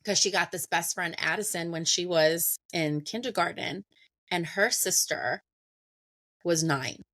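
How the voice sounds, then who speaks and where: A woman in her thirties tells a personal story in a relaxed, chatty way. She laughs often and slips into the voices of the people in it. The sound is close and dry, with no room echo. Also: fairly low pitch, a little slow. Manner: laughs often, acts out conversations. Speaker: podcast guest. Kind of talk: casual storytelling.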